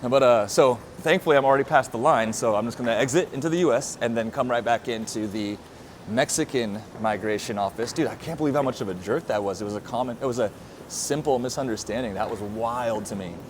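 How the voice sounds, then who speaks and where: A man from the United States talking casually to his vlog camera outdoors at a border crossing, slangy and relaxed, with lots of "bro" and "dude". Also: mid-range voice, fairly quick, background noise. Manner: slangy and laid-back, peppered with bro and dude. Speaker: vlogger. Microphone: handheld microphone.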